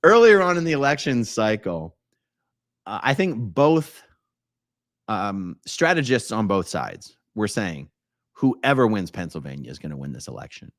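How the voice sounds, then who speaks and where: Lively chatty man hosting a livestream. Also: lowish voice, measured pace. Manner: chatty, reads viewer comments aloud and jokes; lively, swings between loud exclamations and mumbled asides. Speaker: livestream host. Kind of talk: casual live-stream chat.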